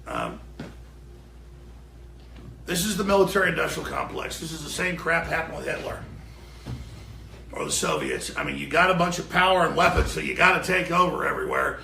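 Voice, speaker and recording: A man, a show host, ranting furiously and profanely off air in a broadcast studio before going live, often shouting. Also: sits high, moderate pace, vocal fry, echoey room. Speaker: radio and web show host.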